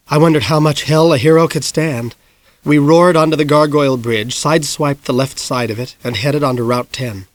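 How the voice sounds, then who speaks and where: A man's voice: mid-range voice, no echo. Man narrating an audiobook, close and dry. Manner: measured storytelling, rising to shouts in action. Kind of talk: scripted narration.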